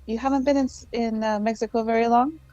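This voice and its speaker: A woman's voice: a little high, steady tone, quick pace, dark tone, muffled recording. A woman playing in a tabletop role-playing game, speaking hesitantly with many fillers. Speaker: player.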